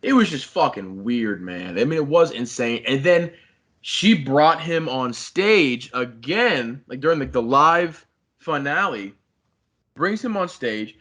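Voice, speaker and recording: A man's voice: mid-range voice, lively intonation, slow pace, a bit bright. A young man, a podcast co-host, animatedly retelling a story in casual chat, swearing a lot and saying "like" constantly.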